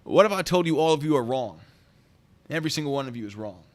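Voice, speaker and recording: A man's voice: on the high side, expressive, fast talker, pitched above the performer's own voice, lightly acted. A man imitating an older male TV talk-show host with a dramatic, showman-like delivery. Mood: theatrical.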